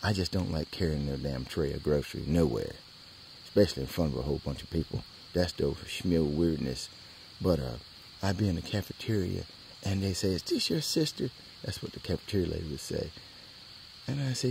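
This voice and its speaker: A man's voice: moderate pace, vocal fry, long pauses, slight background noise, low-quality recording. Folksy older man telling stories. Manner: folksy, swearing, animated, acts out his younger self in a high voice. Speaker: storyteller vlogger. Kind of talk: casual storytelling.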